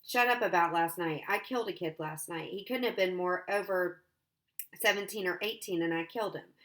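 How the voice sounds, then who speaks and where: A woman voicing a frightened, gentle teenage boy on the run, quiet and shaky. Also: on the low side, brisk, natural voice. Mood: distraught.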